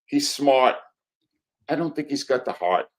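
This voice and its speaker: A man's voice: medium pitch, expressive, measured pace. An older man, a sports writer guest on a talk show, delivering firm contrarian opinions in short declarative sentences.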